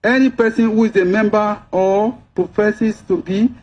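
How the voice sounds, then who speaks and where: A man, a judge reading a formal court judgment in a measured way. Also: high voice, steady tone, darkish tone. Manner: measured, formal, legal wording. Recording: dull lo-fi recording.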